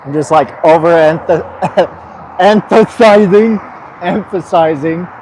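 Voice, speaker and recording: A young man with a slightly high voice talks slowly through a sore, swollen mouth, stumbling over words. He rambles and swears in an offhand vlog chat, recorded outdoors with faint street noise behind him. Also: darkish tone. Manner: rambling, swearing, laughing at himself. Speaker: vlogger.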